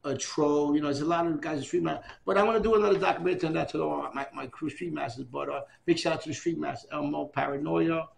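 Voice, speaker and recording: A man in his fifties in an oral history interview, talking in an excitable, repetitive way and giving out many shout-outs. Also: a little high, fast talker, vocal fry, few pauses, a little hiss or hum. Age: 50s.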